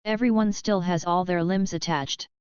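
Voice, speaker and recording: A woman's voice: lowish voice, fairly even intonation, normal speed, a little mellow, clean tone, no echo, lo-fi sound, natural voice. A woman voicing a sarcastic young male superhero who jokes flippantly. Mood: joking. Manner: joking, flippant.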